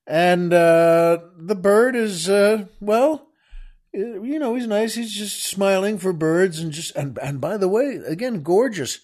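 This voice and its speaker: A podcast host with a high-pitched, slightly mellow voice speaks slowly as he casually tells a joke. He chuckles and rambles, using lots of fillers.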